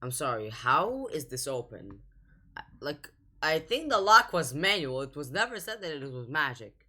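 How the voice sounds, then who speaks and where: A young woman commenting on a video she is watching, casual and exasperated as she argues with the screen. Her voice sits a little low, with a bright, forceful edge. Her pitch swings widely as she talks. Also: big pitch swings, moderate pace, slightly rough. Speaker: reaction video host.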